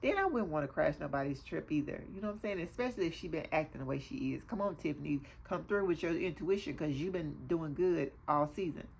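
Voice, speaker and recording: A woman hosting her own show, chatting through an episode recap in a loose, animated way with lots of fillers. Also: sits low, fast, creaky, few pauses, breathy edge. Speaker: TV show reviewer, host.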